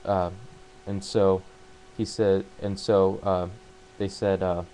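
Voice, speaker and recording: Man with a low, even delivery, casually retelling a story; stumbles and restarts often. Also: a little hiss or hum, poor audio. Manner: halting, full of fillers and restarts. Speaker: book summarizer. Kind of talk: casual spoken plot retelling.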